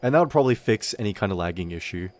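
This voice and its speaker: Racing along in a fairly low, expressive voice, this young man provides casual live-stream commentary on a game. As a VTuber, he rambles, pokes fun at himself, and swears a lot.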